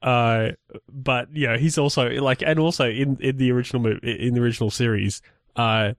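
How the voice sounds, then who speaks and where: A man with a mid-range voice and fairly even intonation co-hosts a podcast, talking a little fast in a casual chat. He rambles with many restarts and fillers. The studio sound is clean with no echo.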